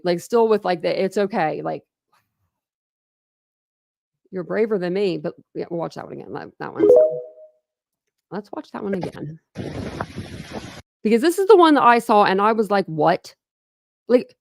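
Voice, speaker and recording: A woman who hosts a true crime channel chats casually with livestream viewers, rambling, saying "like" constantly, and answering comments along the way. Her mid-range voice is captured at studio quality with no room sound.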